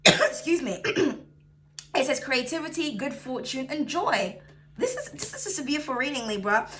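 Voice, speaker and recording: Woman tarot reader, high bright voice, sassy, chatty and profane; flips between excited bursts and calm soothing asides. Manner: sassy, chatty, swears freely, calls viewers darling. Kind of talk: casual tarot reading to camera.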